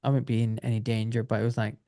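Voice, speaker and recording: A man's voice: medium pitch, fast talker, no room sound, clean studio sound. A middle-aged man with a British accent, a former doctor telling his story as a podcast guest. He talks casually, swears freely and acts out what others said. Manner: animated, swears, acts out quoted voices.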